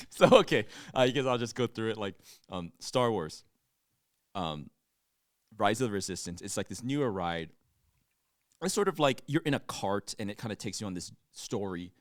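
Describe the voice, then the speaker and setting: A man's voice: on the low side, lively intonation, a little slow, long pauses, no echo, studio quality. A young man co-hosting a podcast, chatting casually, laughing often and acting out quotes as he retells a trip. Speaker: podcast co-host. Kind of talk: casual chat.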